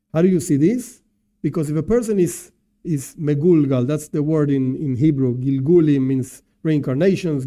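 Man, informal religious lecture, slightly high pitch, very dark mellow tone, rephrases often. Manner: thinks aloud, rephrases and translates terms as he goes. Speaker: religious teacher. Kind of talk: informal lecture on Jewish teachings.

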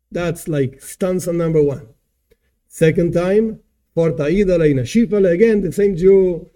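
A man teaching a song, translating and explaining it phrase by phrase in a slow, searching way. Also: high voice, mellow.

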